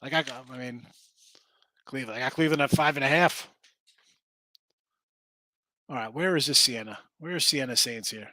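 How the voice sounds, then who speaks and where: A man hosting a sports betting show in casual chat, excitable and quick to swear, calling out viewers by name. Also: medium pitch, no room sound. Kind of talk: casual betting picks talk.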